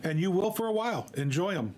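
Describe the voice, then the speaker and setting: Halting man in casual stream chat. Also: sits high, very animated, darkish tone. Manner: halting, repeats words, many fillers.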